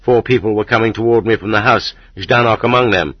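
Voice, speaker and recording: Low, husky male audiobook narrator. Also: no room sound. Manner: steady, measured storytelling. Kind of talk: first-person audiobook narration. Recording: slightly dull lo-fi recording.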